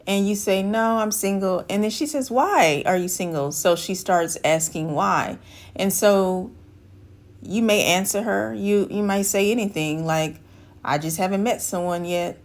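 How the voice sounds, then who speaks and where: A woman's voice: fairly low pitch, measured pace. A woman life coach giving advice straight to camera, talking through an everyday scenario and voicing the people in it. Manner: acts out dialogue, shifting voice for quoted women. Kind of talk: direct-to-camera advice talk.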